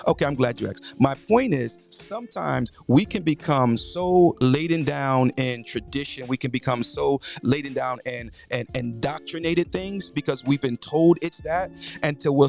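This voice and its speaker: A man's voice: a little high, gravelly. A middle-aged man hosting a morning inspiration livestream, preacherly and casual, greeting viewers by name and repeating his phrases.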